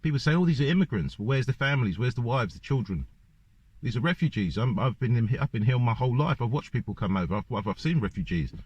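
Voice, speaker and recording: A man's voice: mid-range voice, animated, fast, breathy edge, no room sound. A man ranting in a monologue to camera, firing off one rhetorical question after another. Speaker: vlogger. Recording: dull lo-fi dry recording.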